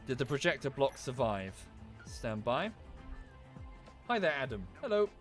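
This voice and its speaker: A man's voice: mid-range voice, expressive, measured pace, fairly bright tone. Man, Estuary English accent, casual game-stream chatter, faint music underneath. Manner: chatty, thanks viewers by name, thinks aloud with restarts. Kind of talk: casual gameplay commentary.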